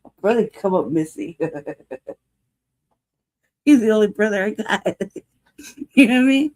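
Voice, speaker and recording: A woman's voice: medium pitch, lively intonation, slow pace, a little mellow. A woman in her forties hosting a casual livestream, telling a rambling story full of laughter and profanity. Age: 40s. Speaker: livestream show host.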